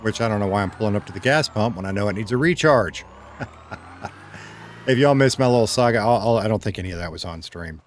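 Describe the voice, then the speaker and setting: A man's voice: on the low side, lively intonation, quick pace, a little hiss or hum. Chatty male streamer. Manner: chatty, reads chat aloud, laughs easily. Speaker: streamer playing roleplay. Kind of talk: casual stream chat.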